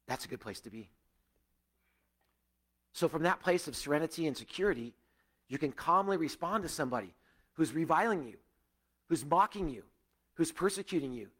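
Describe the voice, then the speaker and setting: A male pastor preaching a sermon to a gathered church, earnest, rising to emphatic peaks and dropping to hushed, quiet stretches. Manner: earnest, swinging between raised emphasis and hushed, low passages.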